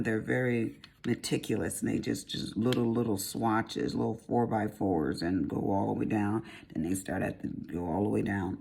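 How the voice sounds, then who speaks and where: Here a middle-aged crafting vlogger with a Southern American accent rambles folksily while doing diamond painting. Her rumbling low voice has vocal fry and a slightly mellow quality, and a little hiss or hum sits underneath.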